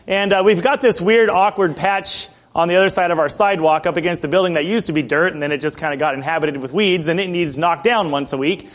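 A male preacher giving a sermon in a conversational storytelling way, often clearing his throat. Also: a little high, fast, hardly any pauses, fairly bright tone. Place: church building.

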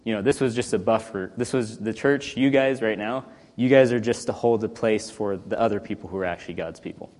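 A man leading a Bible study, reading scripture aloud and then explaining it in casual, conversational talk, often clearing his throat. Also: fairly low pitch, fairly quick, darkish tone, long reverb tail. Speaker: Bible teacher.

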